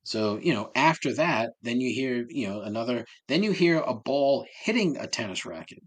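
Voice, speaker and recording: A man's voice: mid-range voice, big pitch swings, moderate pace. A man hosting a solo podcast, ranting with sarcasm and heavy swearing. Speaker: podcast host.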